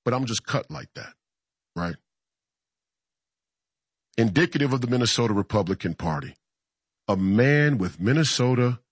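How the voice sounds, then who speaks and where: A man's voice: mid-range voice, husky, no echo. A man delivering a heated storytelling monologue as a political commentator, fiery and repetitive, stumbling over restarts. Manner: fiery, repeats phrases, frequent restarts and stammers.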